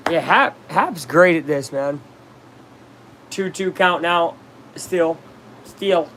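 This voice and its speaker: A man casually commenting on a baseball game on a live stream, chatting with viewers and reacting loudly to plays. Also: on the high side, slow, slight background noise.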